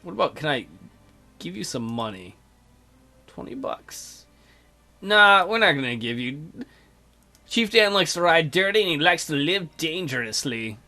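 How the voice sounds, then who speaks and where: A man's voice: fairly high pitch, sharp tone. A man hosting a strategy game let's play with casual, crude, joking commentary.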